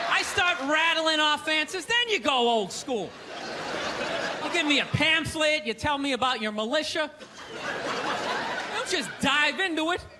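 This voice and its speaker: A man doing a stand-up routine on a comedy stage, ranting and incredulous, bursting into shouts. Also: extremely high pitch, heavy background noise. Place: comedy stage before a live audience.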